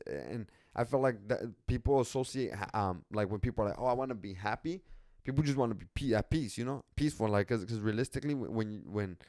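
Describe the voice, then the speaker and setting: A man's voice: medium pitch, a little mellow, smooth, dry recording, clean studio sound. A young man hosting a podcast, talking casually in a rambling way with lots of slang, swearing and restarts. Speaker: podcast host.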